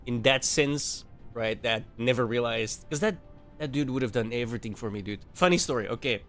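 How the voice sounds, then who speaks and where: A man's voice: medium pitch, fairly quick, a bit bright, faint music behind. Laughing, swearing young guy streamer. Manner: laughs often, swears freely, many restarts. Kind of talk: casual storytelling to a live chat. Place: home streaming setup.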